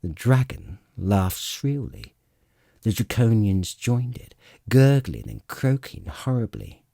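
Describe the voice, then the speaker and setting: A man narrating a fantasy novel as an audiobook reader, in a measured, expressive way. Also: on the low side, gravelly, dry recording, studio quality.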